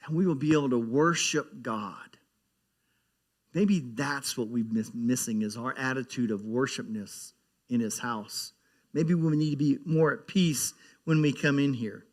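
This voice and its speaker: A man's voice: mid-range voice, unhurried. A man giving a sermon as pastor, talking in a conversational way, often repeating words and growing emphatic as he preaches.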